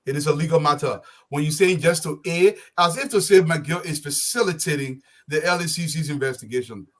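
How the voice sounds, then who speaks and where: A man's voice: fairly high pitch, brisk. A man arguing insistently as a panelist on a political talk show. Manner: forceful, insistent, lecturing.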